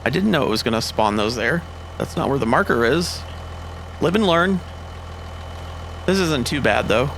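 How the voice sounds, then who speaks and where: A man's voice: mid-range voice, lively intonation, moderate pace, long pauses, a bit bright, slight background noise. Man rambling over a farming game. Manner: rambling, thinks aloud, easily exasperated. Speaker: gameplay commentator. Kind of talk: casual let's-play commentary.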